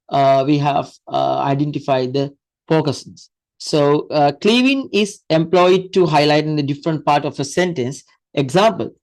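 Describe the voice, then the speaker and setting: Over a rough recording, a man with a slightly high, somewhat mellow voice teaches an English grammar lesson. He explains it step by step, with lots of fillers, restarts and repeated examples.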